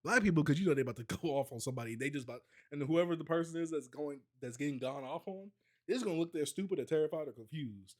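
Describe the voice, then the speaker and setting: A man's voice: on the high side, fast talker, a little mellow, no room sound, studio quality. A man streaming from home, reacting to videos in casual chat and laughing constantly through his loose, slangy banter.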